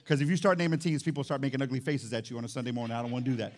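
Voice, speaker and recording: A man preaching a lively sermon as pastor in a church, swinging between shouts and low asides. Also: very fast. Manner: animated, shouts and drops low, playful asides. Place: church sanctuary.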